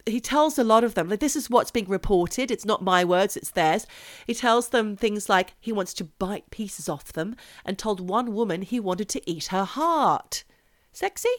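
A woman's voice: medium pitch, lively intonation, moderate pace, no room sound, clean studio sound. Chatty, swearing woman podcast host. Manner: chatty, swearing, jokey asides. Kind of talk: casual chat, storytelling a true-crime topic.

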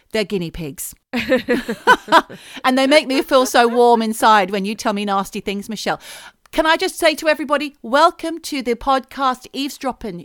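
Australian woman, comedy podcast co-host, mid-pitched and wry, a dramatic self-mocker, dry home-studio sound. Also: a bit bright, smooth, no room sound. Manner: wry, theatrical, self-mocking. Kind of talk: casual comedic chat.

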